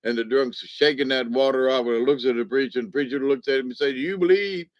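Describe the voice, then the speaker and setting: A man's voice: medium pitch, little pitch movement, fast, no echo. A man telling stories in a rambling, folksy way, often chuckling, on a dull, dry lo-fi recording. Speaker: spiritual card reader. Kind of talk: casual storytelling monologue.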